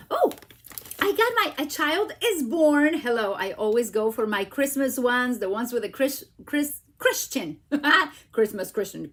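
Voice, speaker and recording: A chatty, exclamatory woman whose first language is Spanish runs a casual live stamping craft demo. Her fairly high voice has a fairly bright tone, and she often says "like" and "okay?".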